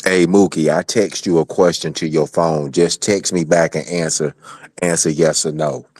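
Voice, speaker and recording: A man's voice: a bass voice, steady tone, moderate pace, darkish tone, dry recording. A man co-hosting a livestream, taunting and insulting someone in a call-out rant.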